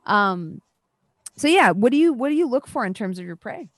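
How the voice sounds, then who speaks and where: A woman narrating a tabletop role-playing game as game master, in a loose, halting way with fillers and sarcastic asides. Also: a little high, sing-song, no echo, studio quality.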